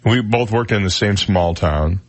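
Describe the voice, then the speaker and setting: A man in his sixties with a deep baritone voice, hosting a morning radio talk show and telling stories at a relaxed pace with plenty of fillers. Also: a little slow. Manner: relaxed storytelling with frequent fillers. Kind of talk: casual morning radio chat. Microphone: studio broadcast mic.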